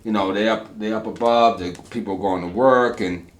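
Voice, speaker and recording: A man, an author guest on an interview show, speaking calmly and telling stories in a conversational way. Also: on the low side, normal speed. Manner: calm, steady, frequent agreeing. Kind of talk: conversational storytelling.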